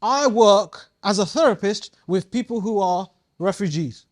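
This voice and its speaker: A man's voice: sits high, lively intonation, a little slow. A man leading a live coaching workshop, playful and slangy, quizzing his audience as he goes. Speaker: community coaching trainer.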